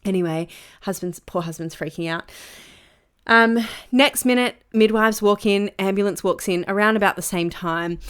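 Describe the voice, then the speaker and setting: A woman's voice: medium pitch, moderate pace, clear, resonant tone. A young woman hosting a solo podcast. She tells a personal story in a casual, chatty way, with many filler words. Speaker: podcast host.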